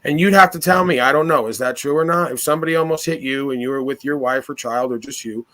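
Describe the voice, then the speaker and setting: A man's voice: mid-range voice, fast, a bit bright. A man holds forth in casual conversation, sure of himself. He lectures, stacks up rhetorical questions and speaks with authority. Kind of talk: casual philosophical talk.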